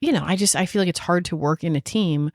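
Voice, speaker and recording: A woman with a very low voice co-hosts a casual podcast, chatting and asking probing questions. She sounds close to the mic in a dry space. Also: quick pace, no echo. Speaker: podcast co-host, orthopedic PA. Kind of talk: casual chat.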